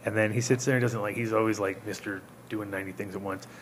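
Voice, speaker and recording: A man's voice: on the low side, steady tone, fast talker, slight background noise. A man from Rhode Island hosting a show, telling rambling, laughing stories in casual, swearing chat. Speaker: host.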